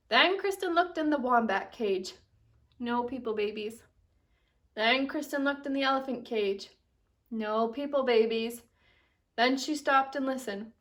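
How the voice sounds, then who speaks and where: Bright storytelling teacher, woman. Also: fairly high pitch, recorded from a distance. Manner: animated storytelling with expressive character voices. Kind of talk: reading a picture book aloud to children.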